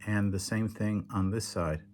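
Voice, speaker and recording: A tired man explains a hands-on demonstration late at night, patient and halting, with many fillers and self-corrections. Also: lowish voice, fairly even intonation, darkish tone, a little hiss or hum. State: tired, yawning. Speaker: teacher demonstrating kosher slaughter. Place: home indoors in Israel, at night.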